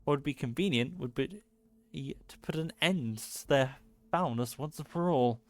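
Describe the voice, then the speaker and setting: A man's voice: a little high, measured pace, dry recording. A man voicing a grieving, vengeful male town leader in a video game, speaking bitterly and hard.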